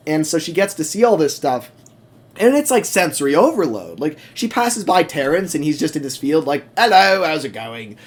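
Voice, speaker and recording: A man's voice: fairly high pitch, big pitch swings, normal speed, a little mellow. A man co-hosting a casual podcast, telling a story animatedly with many fillers. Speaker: podcast co-host.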